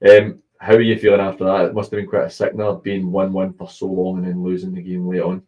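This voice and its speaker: Scottish male host, low voice, chatty banter, muffled stream audio. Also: monotone, a little mellow. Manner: chatty, banter-driven, quick asides. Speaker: radio football show host. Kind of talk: casual sports chat.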